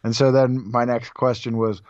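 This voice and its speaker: A relaxed man co-hosting a podcast who steers the questions, chuckling now and then. His recording sounds dry, with a slightly dull, muffled tone. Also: mid-range voice, moderate pace, dry recording. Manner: relaxed, leads the questions, soft laughs. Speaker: podcast co-host. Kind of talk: casual chat.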